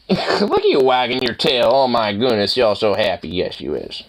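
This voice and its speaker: A man's voice: medium pitch, big pitch swings, a little slow, rough recording. A young man at home chatting to his dog while brushing it, teasing and playful with crude swearing. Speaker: dog owner vlogger.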